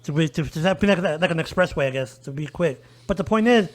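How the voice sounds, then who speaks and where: Speaking at a brisk clip, a high-pitched disability rights advocate from El Paso, Texas shares his story on a casual podcast. He's animated throughout and performs the lines of those he quotes.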